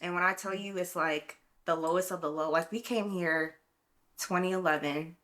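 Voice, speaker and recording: Low-voiced young woman, heartfelt storyteller. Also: normal speed, a bit bright. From Brooklyn, New York. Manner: heartfelt, reflective storytelling with many fillers. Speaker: podcast co-host. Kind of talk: casual chat.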